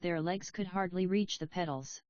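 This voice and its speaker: A woman's voice: lowish voice, moderate pace, a little mellow, no echo, lo-fi sound, natural voice. A woman reading as a blunt, teasing young woman.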